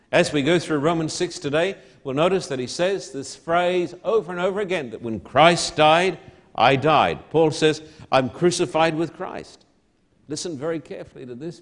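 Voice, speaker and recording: A man preaching a sermon, slow and emphatic, repeating key words and building to loud proclamations. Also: on the high side.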